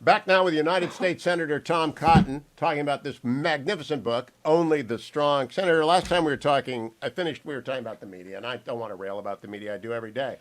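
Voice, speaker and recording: An emphatic male radio host with a mid-range voice, speaking in punchy bursts as he plugs a book and sets up the next segment. He leans on key words and moves between quick asides and drawn-out points. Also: mid-range voice. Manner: emphatic, promotional, punchy delivery. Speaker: radio talk show host. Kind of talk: radio interview.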